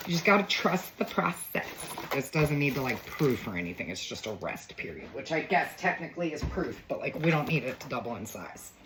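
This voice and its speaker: A woman's voice: lowish voice, fairly bright tone, a little hiss or hum, poor audio. A woman chatting casually through a cooking demo in her home kitchen, full of joking asides. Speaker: home cook.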